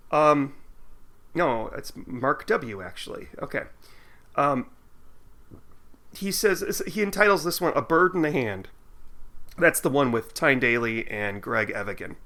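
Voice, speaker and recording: A man's voice: a little high, expressive, slow, long pauses, bright, forceful tone. A man co-hosting a casual podcast chat, reading listener mail aloud with his own asides. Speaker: podcast co-host.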